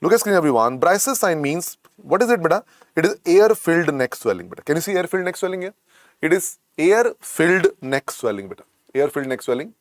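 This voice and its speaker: An Indian man lectures medical students on exam revision, coaxing them again and again as he teaches. His voice sits a little high for a man. The sound is dry and close, with no room echo. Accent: Indian English. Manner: repetitive, coaxing, keeps calling students "beta".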